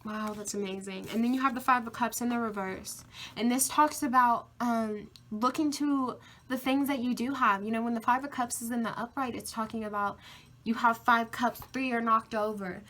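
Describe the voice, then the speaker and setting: A woman's voice: on the high side, steady tone, moderate pace, a bit bright. A woman doing a pick-a-card tarot reading, with emphatic, repeated affirmations and casual swearing. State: tearful, emotional. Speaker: tarot reader.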